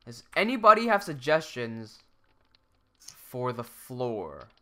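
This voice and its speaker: A man's voice: mid-range voice, sing-song, takes it slowly, pushed and bright. A young man from Hong Kong with an American English accent, chatting casually on a livestream while reading out viewer comments. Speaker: streamer.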